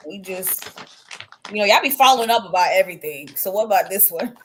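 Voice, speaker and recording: A woman's voice: mid-range voice, animated, a little fast, a bit bright, a little hiss or hum. A woman co-hosting a podcast, chatting bluntly in casual slang. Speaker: podcast co-host. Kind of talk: casual chat.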